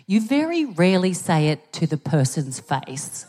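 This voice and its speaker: A woman with an Australian accent performing a stand-up comedy set, telling stories with animated delivery and sudden shouted punchlines, recorded live on a theatre stage. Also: lowish voice, measured pace. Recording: live theatre with long hall reverb.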